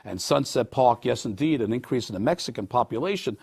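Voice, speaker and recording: A man in his sixties with a Brooklyn accent, a borough official answering interview questions in a folksy, animated way with many hesitations. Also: medium pitch, brisk, gravelly, slightly rough. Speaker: borough president. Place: TV studio.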